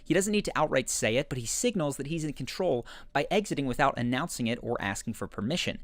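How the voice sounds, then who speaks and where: Male narrator, scripted video essay, lively intonation, dry close mic. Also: mid-range voice, fast talker, no room sound. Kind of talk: scripted narration analyzing show clips.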